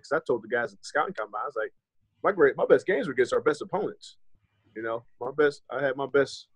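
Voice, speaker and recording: A man in his thirties from the States talks through his past in a loose, candid way, dropping the odd curse and slipping into the voices of people he remembers. His voice sits at an ordinary pitch for a man. The sound is close and dry, with no room around it. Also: breathy edge, dry recording, rough recording. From United States. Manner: candid and loose, swears freely and acts out remembered conversations. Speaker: former pro running back, podcast guest. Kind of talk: casual storytelling interview.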